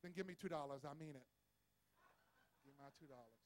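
A man preaching a sermon as pastor to his congregation, repeating words for stress and rising into shouting. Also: fairly high pitch, brisk, noisy background. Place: church service with congregation.

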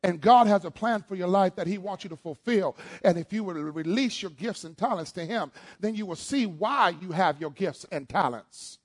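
A man preaching a sermon as pastor, leading call-and-response, shouting at peaks, then dropping to low asides and joking with the congregation. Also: expressive, moderate pace, few pauses. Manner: playful, jokes with the congregation.

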